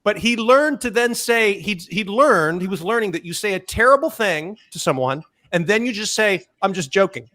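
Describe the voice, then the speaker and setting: A comedian in his fifties, a guest chatting casually and telling animated stories with quoted asides. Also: sits high, normal speed, few pauses. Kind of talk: casual chat.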